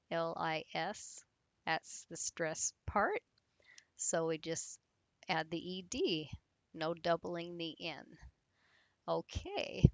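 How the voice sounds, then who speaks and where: A woman's voice: on the low side, vocal fry, a bit bright, no room sound. A woman teaching English grammar, patiently explaining spelling rules and spelling words out letter by letter.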